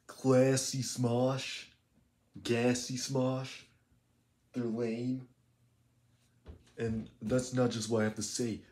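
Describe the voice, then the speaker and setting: A man's voice: medium pitch, flat delivery, extremely slow, pauses often, darkish tone, a little hiss or hum. A man playing a cocky, scornful teenage boy in a fan parody roast, mocking and name-calling. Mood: ranting.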